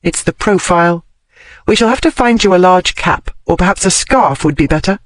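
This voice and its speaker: A man reading a storybook voices a clever, bossy young girl who talks briskly. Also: high voice, fairly bright tone, no room sound, voice pushed up.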